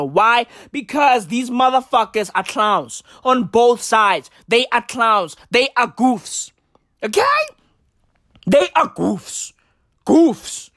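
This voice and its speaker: A high, bright-voiced man hosts a podcast in a loose, ranting style, excitable and profane and looping back on the same lines. He talks slowly and deliberately between bursts of laughter, and the sound is dry and close. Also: no room sound. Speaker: podcast host. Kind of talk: ranting casual commentary.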